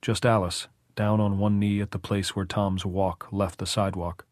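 A man narrating an audiobook in measured, even storytelling. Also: on the low side, dry recording, studio quality. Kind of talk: scripted narration.

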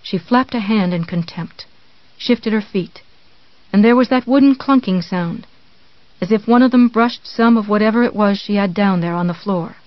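A narrator reading a novel aloud in a measured, even storytelling manner. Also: mid-range voice, no echo, dull audio. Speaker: audiobook narrator. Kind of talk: scripted narration.

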